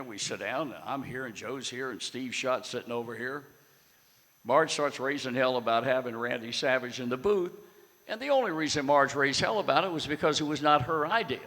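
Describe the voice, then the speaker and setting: A man's voice: medium pitch, fairly bright tone. Blunt older man telling a story in a hall. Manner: blunt, salty, wry storyteller. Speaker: guest speaker. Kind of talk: storytelling anecdote to an audience.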